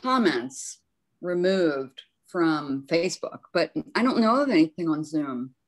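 Class co-host, female, lower voice, dry self-deprecating chat. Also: lively intonation, a little slow, noisy background. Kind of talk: casual chat.

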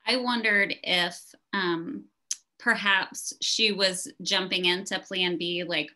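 A woman's voice: lowish voice, fairly even intonation, slow, pushed and bright. A woman host leading a conversation, reading a question aloud and musing tentatively. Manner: reads a listener's question aloud, tentative phrasing. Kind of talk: conversational interview.

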